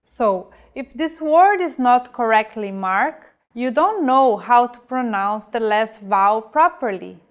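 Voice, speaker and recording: Slow, careful woman teacher. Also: fairly high pitch, expressive. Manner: slow, careful delivery, modelling example words. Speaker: language teacher. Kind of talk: scripted lesson narration.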